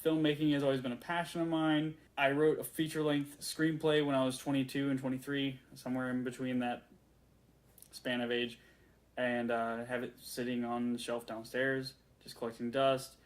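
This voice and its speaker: A man in his late twenties telling a story in a rambling, excitable way, full of fillers and restarts. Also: mid-range voice, normal speed. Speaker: vlogger. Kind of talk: casual storytelling rant.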